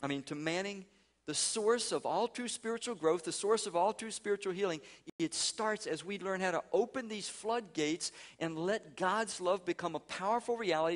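A male senior pastor preaching a sermon in an earnest, emphatic way, reading quotations slowly and deliberately. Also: on the high side.

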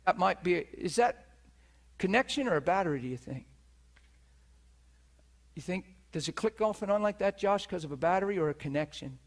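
A man preaching and telling a story in an animated way, with a handheld mic, acting out the people he talks about. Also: sits high, normal speed, pauses often. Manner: animated, acts out other people's voices. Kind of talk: storytelling sermon. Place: teaching hall before an audience.

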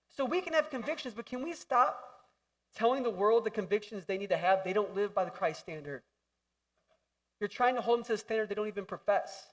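A young man preaching a lively, jokey sermon in a church hall, acting out voices and shouting for emphasis. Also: sits high, brisk, distant mic. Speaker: pastor.

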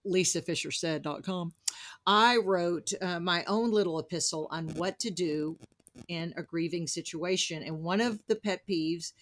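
A woman's voice: on the low side, a little slow. A woman from New Jersey with a picked-up Southern accent, hosting an interview in a chatty, storytelling way with playful asides. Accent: Southern US picked up over New Jersey. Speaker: podcast host. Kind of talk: conversational interview.

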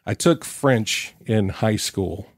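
A man's voice: lowish voice, takes it slowly, no room sound. Chatty male podcast host, dry sound. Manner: chatty, reads out quiz questions and riffs on the answers. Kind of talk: casual interview chat.

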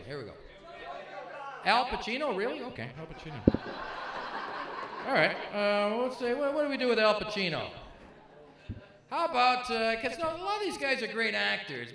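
Brief: bright, lively stand-up comic teasing the crowd, echoey club, a bit off-mic. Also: male voice, high-pitched, recorded from a distance. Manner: brisk, crowd-teasing setup patter. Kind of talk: live stand-up. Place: comedy club stage.

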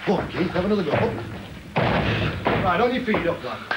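Gruff wrestling trainer barking orders. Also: male voice, sits high, sing-song, moderate pace. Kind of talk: coaching in the ring. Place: wrestling gym. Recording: noisy 1980 TV documentary sound.

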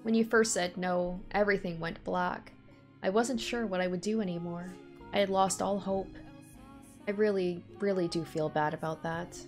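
A reserved, brooding young man from a visual novel speaks in a low, quiet voice, as a woman reads his lines aloud. He sounds guarded and full of doubt about himself, and the lines come out earnest rather than performed. Soft music plays faintly underneath. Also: fairly even intonation, normal speed, close to an everyday voice. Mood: remorseful.

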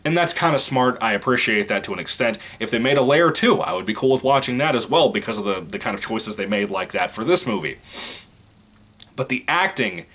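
A man's voice: mid-range voice, fairly bright tone. A man from Virginia giving a casual, rambling movie review, frank and profane, often breaking into laughter.

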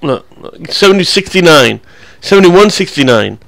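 A man's voice: on the high side, animated, moderate pace, vocal fry, fairly bright tone, no room sound. A young man giving casual, rambling, crude and joking voice-over commentary on his gameplay clips.

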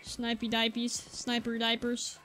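Bright, excitable young woman gamer. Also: on the high side, a little slow. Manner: excitable, exclaims and repeats words in bursts. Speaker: gaming YouTuber. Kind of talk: live gameplay commentary. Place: indoor room at home.

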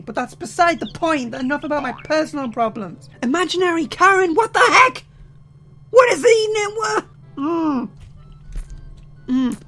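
A young man with a sore, tired voice, chatting jokily as he plays a game and sometimes shouting. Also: extremely high pitch, vocal fry. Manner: chatty, jokey, bursts into shouting. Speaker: let's play host. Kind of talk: casual gameplay commentary.

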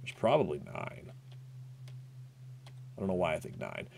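A man commentating his own playthrough of a retro game, excitable and swearing, yelping and laughing as he plays. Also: sits low, unhurried, gravelly, pauses often, dry recording. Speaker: gaming YouTuber. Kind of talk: let's play commentary.

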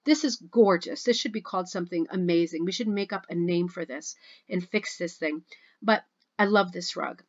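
Hosting a rug hooking club video from home, a woman reads social media posts aloud and reacts to them in a gushing, chatty way. Her voice sits on the low side and moves at a normal speed, and the recording sounds lo-fi.

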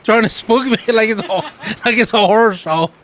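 A man hosting a gaming channel, giving casual, excitable gameplay commentary full of swearing and laughter. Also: sits high, a little fast.

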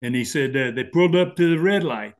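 A man's voice: mid-range voice, quick pace. A man, telling wrestling stories as a guest in casual chat, laughing often and acting out voices. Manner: laughing animated storyteller, acts out voices.

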